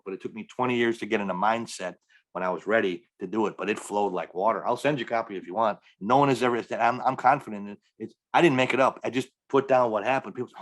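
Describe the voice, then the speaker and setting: Fast-talking deep-voiced male comedian. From Milwaukee area, US. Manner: animated storyteller, acting out quoted dialogue. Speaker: stand-up comedian guest. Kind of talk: storytelling in a podcast interview.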